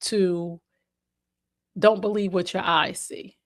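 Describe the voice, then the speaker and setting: A woman's voice: lowish voice, takes it slowly. A woman with a New Jersey accent, a mother and autism advocate, telling stories in a casual interview and acting out what people said. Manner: animated storyteller, acts out quotes.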